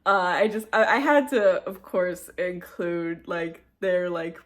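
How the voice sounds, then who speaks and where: A young woman vlogging about a movie in a casual chat, gushing and giggling with lots of fillers. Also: mid-range voice.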